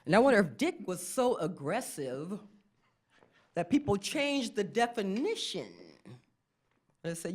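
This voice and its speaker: A middle-aged woman performing a stand-up comedy set, often jumping into squeaky acted-out voices. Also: sing-song, measured pace, long pauses.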